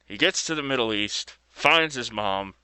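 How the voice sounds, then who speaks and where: A man's voice: mid-range voice, lively intonation, moderate pace, bright, forceful tone, smooth, no echo. A man casually retelling a story as video host, laid-back and loose with fillers and mild slang.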